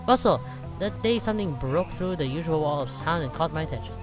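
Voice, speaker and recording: A woman's voice: low-pitched, a little fast. A woman casually playing and reading out a story game, rambling and chatty with many fillers. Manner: rambling, animated, frequent fillers. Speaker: let's play gamer. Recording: voice over game music. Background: game music.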